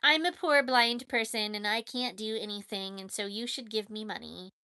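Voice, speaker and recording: A woman's voice: medium pitch, normal speed, pushed and bright, clear, resonant tone. A woman mocking a self-pitying adult who fakes blindness for money, in a whining, sing-song tone. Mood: mocking whine.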